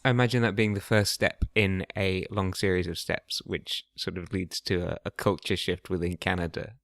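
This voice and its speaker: A man's voice: deep voice, flat delivery, moderate pace, gravelly, a bit bright, no echo. A young British man co-hosting a podcast, dry and curious, asking playful questions. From Britain. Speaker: podcast co-host. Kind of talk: casual chat.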